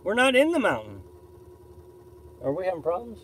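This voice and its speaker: Man, high voice, very animated pitch, rambling live-stream host answering chat. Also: moderate pace, a little hiss or hum, rough recording. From Missouri, USA. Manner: rambling, repeats and restarts, opinionated. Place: camper on a beach campsite.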